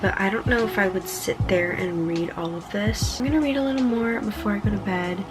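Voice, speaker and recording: A woman's voice: medium pitch, brisk. A young woman talking casually in a vlog diary, chatty and full of "like". She speaks at home into a phone or camera. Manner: chatty, says "like" often. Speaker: book vlogger. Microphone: camera or phone nearby. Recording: music playing behind.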